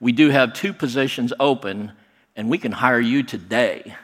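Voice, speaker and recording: A man telling a personal story to an audience, animated and acting out what people said. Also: mid-range voice, normal speed, slightly rough. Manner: animated, acts out quoted voices. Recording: long hall reverb.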